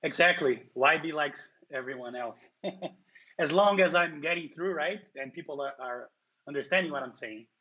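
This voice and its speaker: A man's voice: fairly high pitch, moderate pace, pushed and bright, dull audio. Brazilian man chatting on a livestream. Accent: Brazilian Portuguese. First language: Portuguese. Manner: chatty, answers viewers' comments. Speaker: livestream host. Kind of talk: casual livestream chat.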